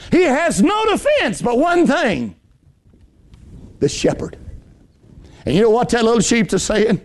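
A man preaches a fervent sermon in a notably high voice. He tells folksy stories, rising to ringing emphatic peaks and dropping to hushed, low passages. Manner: impassioned, swinging between high emphatic lines and low hushed ones; folksy storytelling with homespun anecdotes.

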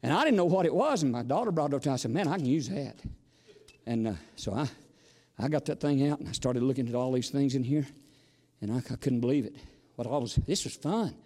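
A man's voice: medium pitch, animated, fast talker, warm tone, in a large hall. A man preaching a sermon, folksy and storytelling, sometimes exclamatory and sometimes chatty. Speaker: visiting preacher.

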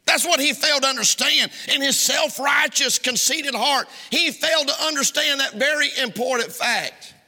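A male pastor with a high, bright voice delivers an impassioned sermon in a church sanctuary, firing rhetorical questions at the congregation. He speaks at a normal pace with hardly any pauses, and the church hall adds a long reverb.

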